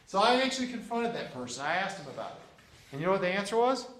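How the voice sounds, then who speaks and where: Folksy high-voiced older male instructor. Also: sing-song, fast talker, a bit bright, roomy sound. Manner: folksy, repeats himself, acts out dialogue. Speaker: JROTC instructor. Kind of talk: classroom lecture with anecdotes. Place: classroom.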